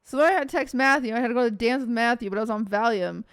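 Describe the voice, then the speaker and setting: Young female streamer, animated storyteller, fairly high voice, smooth and dry close mic. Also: rapid-fire, no echo. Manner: animated, swears casually, acts out quotes. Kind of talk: casual storytelling.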